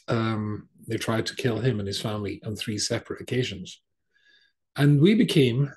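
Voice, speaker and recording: Middle-aged male rabbi telling a story in a sermon, husky gravelly voice, lots of ums. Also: mid-range voice, a little mellow. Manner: conversational, with frequent fillers and restarts.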